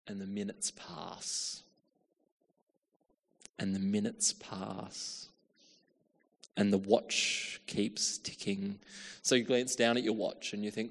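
Preacher in a reverberant hall. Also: male voice, fairly low pitch, unhurried. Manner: storytelling with acted-out quotes, shifts from hushed to calling out. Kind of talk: sermon.

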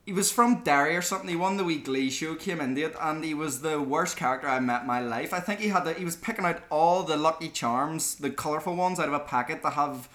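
A young man rambles through a story on a casual podcast. His voice is bright and sits a little high. He laughs often and leans on lots of fillers. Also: fast, few pauses. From Ireland. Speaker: podcast co-host. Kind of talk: casual chat.

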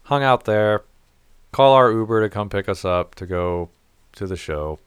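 A man's voice: lowish voice, expressive, a little slow, smooth, no room sound. A man telling a rambling, profane story in casual chat. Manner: rambling, profane, laughs at his own story.

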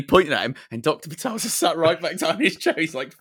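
A man's voice: fairly high pitch, very animated, brisk, a bit bright, no room sound, clean studio sound. A young man co-hosting a casual podcast, rambling through anecdotes and swearing casually. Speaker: podcast co-host. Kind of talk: casual chat.

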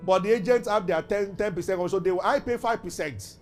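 Man, pastor, fervent sermon, emphatic, high-pitched, faint music behind. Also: fairly quick. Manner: fervent preaching, building to emphatic declarations.

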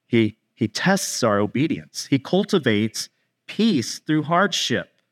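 A male pastor giving a conversational sermon. He talks straight to the congregation, kids included, and acts out bits of dialogue in quick asides. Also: medium pitch, big pitch swings. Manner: speaks directly to kids in the congregation.

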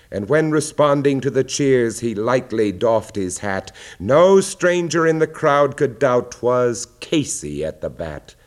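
A man recites verse at an unhurried, deliberate pace, letting his voice sink low and soft on the solemn lines. His pitch sits in an ordinary middle range, and the delivery is theatrical rather than conversational. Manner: measured, dropping low and quiet for weighty lines. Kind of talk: dramatic poetry recitation.

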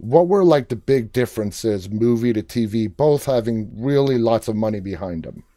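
Warm dark-voiced male interviewer. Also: mid-range voice, expressive, normal speed, no echo. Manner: enthusiastic, direct questions with filler uhs. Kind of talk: casual interview.

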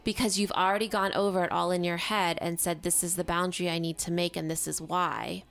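A woman's voice: fairly low pitch, level tone, a little fast, vocal fry, fairly bright tone. A woman co-hosting a podcast in casual chat, speaking earnestly and with emphasis, poking fun at herself. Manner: earnest, emphatic, self-mocking. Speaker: podcast co-host.

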